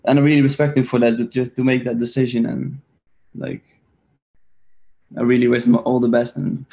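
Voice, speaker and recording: A man's voice: mid-range voice, steady tone, brisk, gravelly, mellow, breathy edge, highs cut off. A young man from the Netherlands in his twenties with a Dutch accent, answering interview questions in a hesitant, filler-heavy way. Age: 20s. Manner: hesitant, many fillers and restarts. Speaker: soccer player guest.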